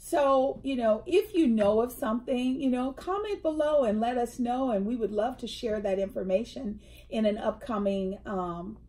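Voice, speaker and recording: Sitting at a tea table indoors, a middle-aged woman co-hosts a casual conversation in a slightly high voice at normal speed. She tells stories with animation, playing the characters and acting out what they said.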